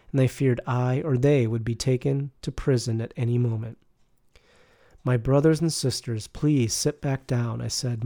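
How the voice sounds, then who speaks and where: Male audiobook narrator, gravelly low-warmth voice, calm measured first-person reading.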